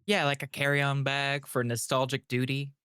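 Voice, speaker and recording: A man's voice: mid-range voice, monotone, normal speed, sharp tone, clean tone, no room sound, studio quality. A man describing his character's moves in a tabletop game, hesitant with many fillers.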